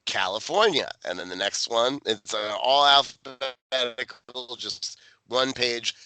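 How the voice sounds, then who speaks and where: A man's voice: medium pitch, slow, bright, forceful tone, smooth, dry recording, rough recording. A man co-hosting a podcast, recapping a TV episode in casual chat, swearing and jokingly acting out the characters' lines. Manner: profane, jokey, acts out characters' lines. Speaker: podcast co-host.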